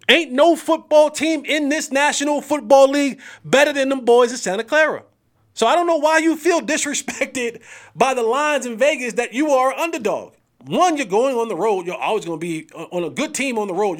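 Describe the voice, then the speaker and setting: A man hosting a sports podcast in casual, animated talk, full of slang, trash talk and drawn-out hype calls. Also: extremely high pitch.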